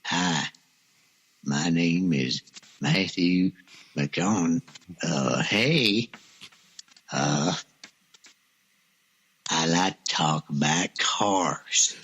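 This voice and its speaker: Drawling male movie-star type in a car commercial, as a man puts him on, low and unhurried. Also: a bit bright, breathy edge, full character voice. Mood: laid-back.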